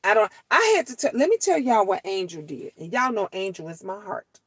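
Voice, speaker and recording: A grandmother hosting a talk show, telling stories and scolding in an animated, outspoken way. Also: mid-range voice, a little fast, breathy edge, dry recording, low-quality recording. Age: older. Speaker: show host. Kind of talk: casual monologue to listeners.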